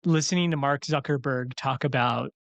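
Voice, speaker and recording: A man's voice: medium pitch, normal speed, vocal fry, a bit bright, no echo. Opinionated man explaining yoga on a podcast. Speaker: podcast co-host, yoga teacher. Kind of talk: casual chat.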